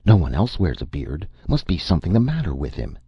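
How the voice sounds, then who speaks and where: A man voicing a nosy, suspicious older woman shopper with a shrill, prying manner, in a dull lo-fi recording. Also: sing-song, fairly quick, breathy edge, no echo, full character voice.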